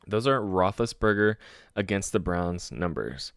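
Solo sports host, male, deep voice, dry close-mic sound, loose and profane. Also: unhurried, clean tone, dry recording. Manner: excitable, swears freely, laughs at own stories. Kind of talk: casual solo sports talk.

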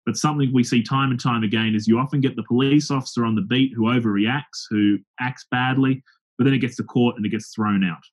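A man's voice: medium pitch, fairly quick. A man, a pastor and open-air preacher, telling stories in an interview, acting out the people he quotes. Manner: lively anecdotal storytelling with acted-out quotes. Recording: dull lo-fi sound.

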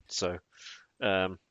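Low, dry-sounding sardonic man. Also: very animated, extremely slow, no echo, lo-fi sound. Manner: blunt and sardonic, swears freely. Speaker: podcast co-host. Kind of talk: casual chat.

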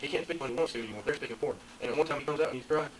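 A man's voice: medium pitch, very fast. A man in a church Bible study group, animatedly retelling a story and acting out its voices. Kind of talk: casual group chat. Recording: noisy room with crowd. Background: crowd chatter.

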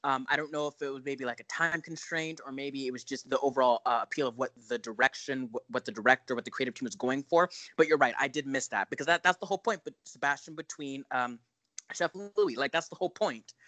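A man's voice: medium pitch, quick pace, pushed and bright, dry recording. A man co-hosting a podcast, sassy and emphatic, often repeating words as he builds his point. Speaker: podcast co-host. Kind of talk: casual pop-culture chat.

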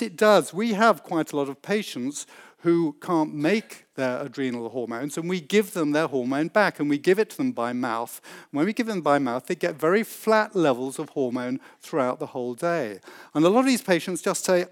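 Lively man giving a science lecture. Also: a little high, normal speed. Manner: enthusiastic explainer, acts out quoted voices. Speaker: researcher giving a talk.

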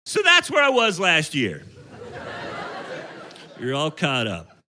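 Profane, lively stand-up comic man. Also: on the high side, slow. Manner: profane, ranting delivery. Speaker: stand-up comedian. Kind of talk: stand-up comedy set. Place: comedy stage before a live audience. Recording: live set with loud crowd and room noise. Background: audience laughter.

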